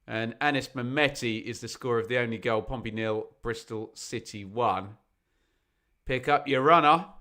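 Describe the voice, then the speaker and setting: A man's voice: medium pitch, normal speed, sharp tone. A man hosting a live football watch-along, chatting and joking as he reads out viewers' locations. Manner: chatty, jokey, bursts into snatches of song. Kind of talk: live-stream chat reading out viewers.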